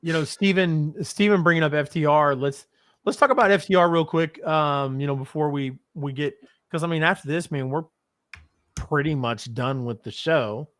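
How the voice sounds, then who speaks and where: A man's voice: fairly high pitch, normal speed, a bit bright, no echo, studio quality. A man co-hosting a casual wrestling post-show chat, hesitant with many restarts, joking and profane. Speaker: co-host.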